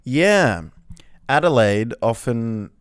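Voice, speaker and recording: A man chatting in a deadpan, hesitant way, with many pauses and ums. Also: mid-range voice, clean tone, no echo. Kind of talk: casual deadpan chat.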